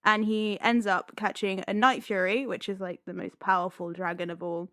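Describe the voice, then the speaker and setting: A woman's voice: mid-range voice, fairly even intonation, moderate pace, a bit bright, no room sound. A young woman, a podcast guest, chatting casually and giggling often as she retells a story, with lots of "like" and "um". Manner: giggly, lots of "like" and "um", self-deprecating. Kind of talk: casual chat, retelling a film plot.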